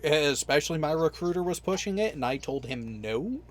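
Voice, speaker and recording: A man's voice: a little high, normal speed. Storytelling man, casual veteran chat. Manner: animated storyteller, swears freely. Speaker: podcast host and veteran.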